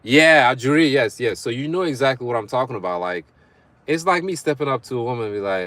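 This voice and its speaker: In a mid-range, expressive, slightly bright voice, a young man hosts a livestream at a quick pace. He reads viewer comments out loud and banters casually, laughing often between remarks.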